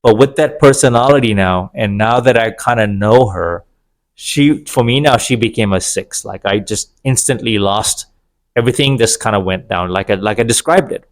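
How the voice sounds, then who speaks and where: A man's voice: lowish voice, normal speed. A middle-aged man giving an opinionated, sarcastic monologue about dating, wandering into digressions. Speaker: vlogger. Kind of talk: casual monologue to camera.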